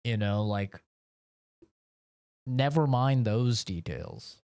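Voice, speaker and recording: A man's voice: lowish voice, expressive, slow, gravelly, a little mellow, no room sound, studio quality. A man from the United States streaming from his home office, rambling in a casual, profane rant. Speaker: game streamer. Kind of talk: casual chat while streaming.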